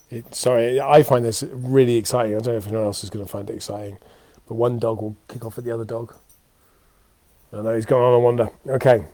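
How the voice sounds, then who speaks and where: A man in his thirties, worn out and talking off the cuff to a live audience from his home. His voice sits at an everyday middle pitch and sounds dry and close, with no room around it. He wanders through thoughts with plenty of ums and restarts. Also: dark tone, no echo. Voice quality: tired, rambling with many fillers and restarts. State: exhausted. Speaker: host of a weekly live show. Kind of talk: unscripted live-stream chat. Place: home, indoors. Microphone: webcam or computer mic for a live video.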